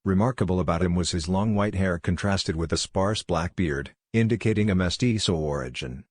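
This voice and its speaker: A man narrating an audiobook in a steady, measured reading. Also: low-pitched, no room sound, studio quality.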